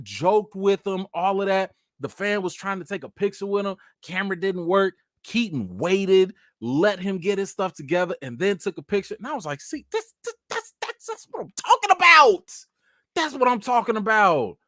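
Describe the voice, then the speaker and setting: Male host, fairly high voice, lively swooping pitch, slangy casual storytelling, dry close sound. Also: no echo. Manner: animated, slangy, talks straight to viewers. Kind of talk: casual live chat storytelling.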